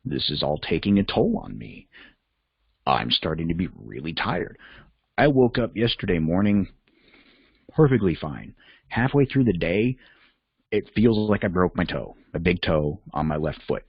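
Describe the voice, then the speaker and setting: A man's voice: low voice, expressive, a little slow, vocal fry, husky, no echo, muffled recording. A man hosting a reflective self-help talk, candid and conversational, thinking aloud as he goes. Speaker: podcast host and life coach.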